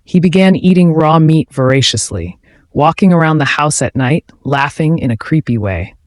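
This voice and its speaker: A man reading a scripted horror story as narrator, steady and measured. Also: medium pitch, dry recording.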